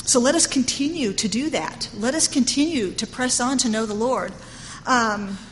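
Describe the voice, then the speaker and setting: A woman's voice: a little high, slight background noise. A middle-aged woman teaching a sermon in an earnest, conversational way, often saying "you know". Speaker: Bible teacher. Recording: long hall reverb with faint ambience.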